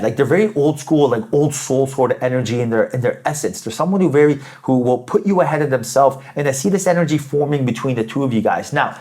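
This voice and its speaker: A man giving a spiritual tarot reading, upbeat and emphatic, often tagging his points with "right?" and repeating phrases. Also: a little high. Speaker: tarot reader.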